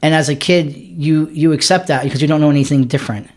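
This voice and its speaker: A man being interviewed as a guest, telling his story candidly with earnest emphasis and quick restarts. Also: on the high side, steady tone. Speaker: podcast guest, author.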